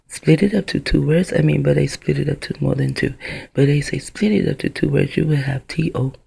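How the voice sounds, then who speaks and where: A woman's voice: very deep voice, vocal fry, mellow, breathy edge. A woman talking into her own camera in a rambling, profane vlog monologue that drifts from one idea to the next. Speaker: vlogger.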